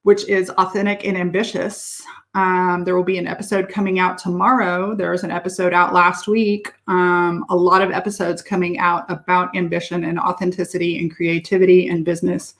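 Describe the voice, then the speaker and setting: A woman business coach talking casually and upbeatly to her viewers, laughing often and filling pauses with "um". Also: on the low side, level tone. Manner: chatty and upbeat, laughs often, many fillers. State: out of breath. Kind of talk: casual livestream talk to viewers.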